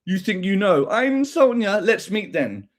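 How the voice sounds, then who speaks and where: A man putting on a high, sneering voice to mock a whiny critic. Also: big pitch swings, normal speed.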